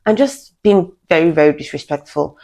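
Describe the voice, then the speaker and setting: A young woman frankly telling a personal story to the camera, earnest and halting, often restarting her sentences. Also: low voice, mellow. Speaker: vlogger.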